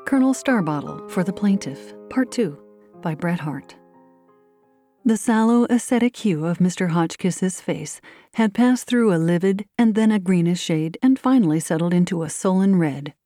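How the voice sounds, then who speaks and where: A woman narrates a classic tale as host of an audiobook show, reading at a steady, even pace. Her voice is low and dark with a gravelly edge. The recording is close and dry. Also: normal speed, no room sound, soft background music. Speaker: host and reader.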